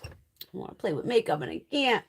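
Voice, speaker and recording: A woman's voice: medium pitch, expressive, a little fast, vocal fry, husky. A middle-aged woman hosting a casual beauty live stream, chatty and blunt, swearing freely and laughing often.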